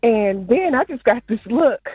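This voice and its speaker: A woman's voice: fairly high pitch, animated, a little slow, breathy edge, no echo, phone-quality sound. A woman calling into a radio show, speaking in a confident, matter-of-fact way. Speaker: caller. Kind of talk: radio call-in.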